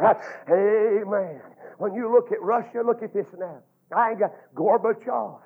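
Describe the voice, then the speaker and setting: High raspy baptist preacher guy, fervent sermon that climbs to shouts, tinny phone-like sound. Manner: fervent preaching cadence with many drawn-out "uh"s, rising to shouts.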